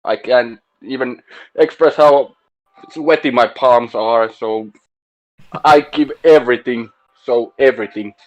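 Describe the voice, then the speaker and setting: A man, a sim racing driver, giving a halting post-race interview in simple phrases. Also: medium pitch, lo-fi sound.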